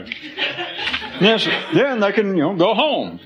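A man's voice: high-pitched, wildly swooping pitch, very slow, long pauses, rough recording. A man speaking to a live audience in a rambling, philosophical way, acting out quoted voices and laughing as he goes.

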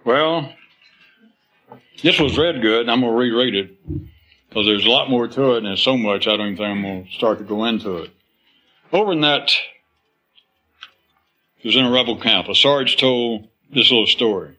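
A man's voice: mid-range voice, normal speed, pauses often, pushed and bright, rough recording. A man speaking to a live audience in a rambling, philosophical way, acting out quoted voices and laughing as he goes.

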